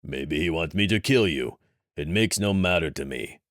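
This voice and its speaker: A man doing a gruff hulking guard in an audiobook. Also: low-pitched, expressive, moderate pace, a bit bright, dry recording, clean studio sound. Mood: menacing. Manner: terse, clipped broken English. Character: gruff hulking male guard, sour, blunt.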